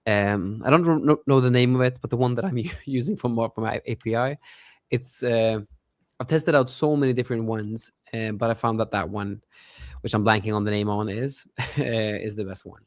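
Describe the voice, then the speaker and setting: A young man chatting on a podcast who rambles excitedly, laughs often and keeps losing track of names. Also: medium pitch, moderate pace, no echo, clean studio sound. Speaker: podcast co-host, app developer. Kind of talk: casual podcast chat.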